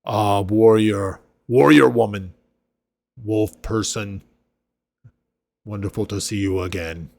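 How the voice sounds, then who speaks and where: A man voicing a big, friendly male half-orc warrior who speaks in halting, broken phrases. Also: fairly low pitch, creaky, darkish tone. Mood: grateful.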